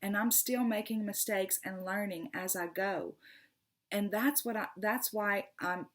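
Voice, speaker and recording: A woman's voice: medium pitch, measured pace, fairly bright tone. A middle-aged woman, hosting a casual vlog monologue, earnest and passionate, often stumbling and repeating her words. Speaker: tarot channel host.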